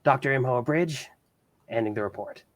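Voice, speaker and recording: A man voicing a doctor who reads a clinical research log aloud, with hesitant pauses. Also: medium pitch, no room sound, natural voice. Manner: dry clinical report, hesitant fillers. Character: male scientist recording a clinical research log.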